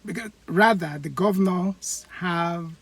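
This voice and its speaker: A host from Edo State in Nigeria, speaking, giving a laughing commentary monologue with comic examples and halting fillers. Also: medium pitch, vocal fry, husky. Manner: animated, laughing, acts out voices.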